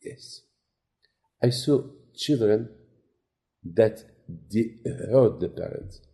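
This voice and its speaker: Rabbi giving a sermon, gravelly and very dark tone, story-driven preaching. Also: male voice, on the low side, lively intonation, extremely slow. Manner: non-native phrasing, storytelling with quoted dialogue.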